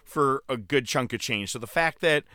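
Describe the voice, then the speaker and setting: A man co-hosting a casual wrestling chat, excitable and profane, laughing often. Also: medium pitch, moderate pace. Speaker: podcast co-host.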